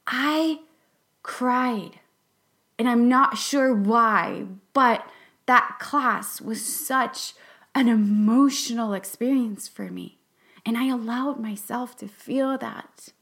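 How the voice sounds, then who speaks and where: Young adult woman, podcast host, earnest, halting, emotional, slow-spoken, higher voice, drops to whispers. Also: fairly bright tone. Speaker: podcast host and class facilitator. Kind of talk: reflective podcast monologue.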